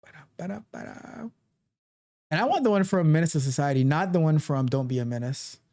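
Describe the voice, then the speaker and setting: A man hosting a live tech stream, talking casually with animated, repetitive joking asides. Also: a little high, fast, no room sound, clean studio sound. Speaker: livestream tech show host.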